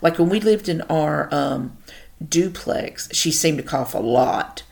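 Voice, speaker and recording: A woman's voice: low-pitched, expressive, takes it slowly, creaky, a little mellow. A woman hosting a podcast alone, chatting and rambling through personal stories, swearing casually. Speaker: podcast host. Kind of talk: casual solo storytelling monologue.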